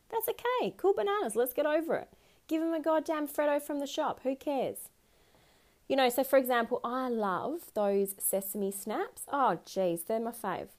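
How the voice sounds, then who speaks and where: Lively Australian woman, playful and swearing. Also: mid-range voice. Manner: energetic and playful, swears freely. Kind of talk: casual talk on relationships.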